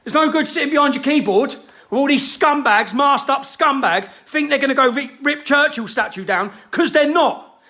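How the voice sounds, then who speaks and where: Angry man in his thirties, pitched very high, tense and cutting, ranting to camera with constant swearing. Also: moderate pace. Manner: furious, shouting, heavy swearing.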